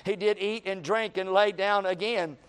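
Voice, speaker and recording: High-voiced man preaching. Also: steady tone, moderate pace, clean tone. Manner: impassioned preaching, acts out the despairing voice of ordinary people. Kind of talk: sermon. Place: church.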